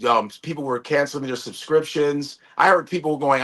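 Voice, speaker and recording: A man's voice: on the high side, moderate pace. A man, a comedian, telling stories in casual chat on a video call and acting out what people said. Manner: animated storytelling with acted-out quotes.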